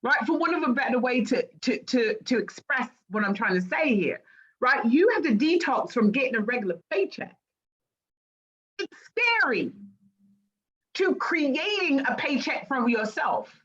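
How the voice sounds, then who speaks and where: Her voice is high, slightly rough and a little slow as this middle-aged British life coach recounts her story in an interview. Animated, she acts out quoted voices, and the recording has a dull lo-fi quality.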